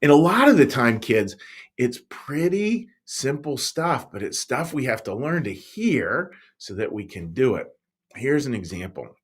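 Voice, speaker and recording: Pastor, male, mid-pitched voice that swoops and bounces, storytelling for little kids. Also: a little slow, slightly rough. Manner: animated, playful storytelling voice that swings up and down, talking straight to kids. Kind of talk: telling a Bible story to young kids.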